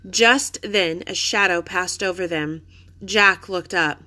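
A woman reading a children's chapter book aloud with clear, expressive storytelling. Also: lowish voice, takes it slowly. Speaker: reader.

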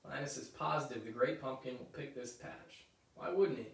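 A man reading a children's picture book aloud, with lively, chatty asides between passages. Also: mid-range voice, moderate pace, gravelly. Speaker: story reader. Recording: roomy echo, mic at a distance.

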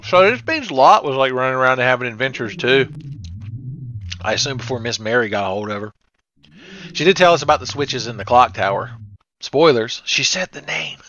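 Here the same kind of let's play host speaks at a moderate pace, pausing often, his medium-pitched voice expressive, bright and forceful. He jokes crudely and sarcastically through a retro horror game in comedic commentary. A faint hiss runs under the slightly dull lo-fi mic.

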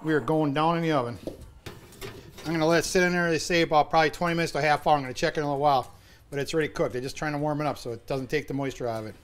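A man's voice: a little high, steady tone, very fast. A man talking casually to the camera while cooking in his home kitchen, chatty and often addressing the folks watching. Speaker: home cook in sponsor segment.

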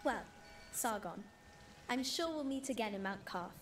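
An actress playing a friendly, helpful young woman explorer in a video game, with a bright, teasing manner. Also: on the high side, lively intonation, unhurried. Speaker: game character. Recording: roomy distant game audio over music.

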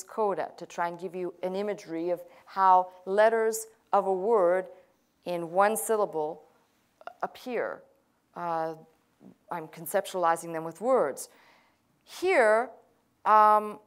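A woman pastor teaching a language class, explaining patiently step by step with casual asides. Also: medium pitch.

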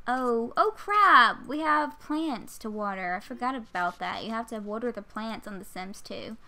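A woman's voice: medium pitch, moderate pace, fairly bright tone. A woman in her twenties giving chatty, giggly gameplay commentary into a desktop mic, full of "like" and mild swearing. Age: 20s. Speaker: gaming YouTuber. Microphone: USB desktop microphone.

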